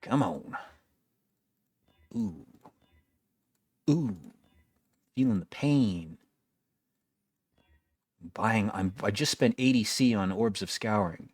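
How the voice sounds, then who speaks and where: A man's voice: fairly low pitch, animated, slow, pauses often, slightly rough, dry recording. A young man giving casual gameplay commentary, wry and complaining, swearing freely as he plays. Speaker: gaming video creator.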